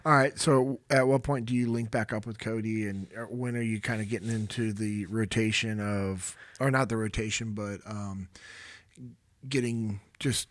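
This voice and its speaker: A man's voice: fairly low pitch, steady tone, moderate pace, no room sound. A man hosting a podcast, asking easygoing follow-up questions and laughing along with his guest. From United States. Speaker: podcast host. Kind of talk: casual interview.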